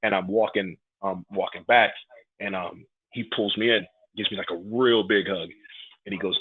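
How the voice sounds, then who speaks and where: Deep husky man on a tinny line. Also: moderate pace, no room sound. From New York, raised in Atlanta. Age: 30s. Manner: animated storyteller, acts out quotes. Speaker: guest, pro wrestler. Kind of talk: casual podcast interview.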